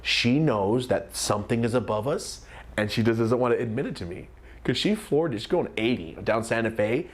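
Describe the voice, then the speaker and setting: A young man telling a comedic story time, animated and acting out the voices of the people in it. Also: mid-range voice, moderate pace. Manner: animated, acts out quoted voices.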